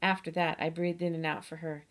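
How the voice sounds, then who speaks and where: A woman's voice: low voice, a little fast, lightly acted. A woman reading as a chatty, boastful kindergarten girl. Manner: lively, childlike storybook storytelling with playful grammar. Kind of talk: audiobook reading.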